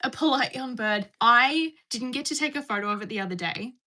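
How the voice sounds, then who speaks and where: A woman's voice: fairly high pitch, expressive, a little fast, sharp tone. A woman chatting casually on a live stream from home, bubbly and answering her viewers. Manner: chatty, bubbly, reading and answering chat messages. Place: indoors at home.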